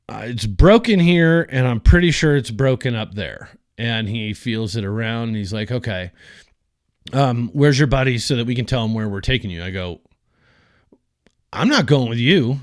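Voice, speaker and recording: A man's voice: mid-range voice, dry recording, clean studio sound. A man telling a story from his own life on a podcast, swearing freely and acting out the quoted lines of the people in it. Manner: profane, animated retelling with quoted dialogue. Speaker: podcast host. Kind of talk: casual storytelling.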